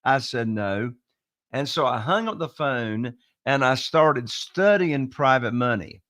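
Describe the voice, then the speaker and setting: Energetic salesy southern man, dry mic. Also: medium pitch, slow, no room sound. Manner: energetic, salesy, spells out web addresses. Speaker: real estate investor presenting a webinar. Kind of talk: webinar sales pitch and storytelling.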